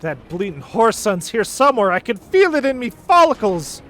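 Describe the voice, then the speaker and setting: A man's voice: high voice, big pitch swings, moderate pace, fairly bright tone, soft background music. A man voicing a bitter, balding man who grumbles crudely, reading game dialogue aloud. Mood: vengeful.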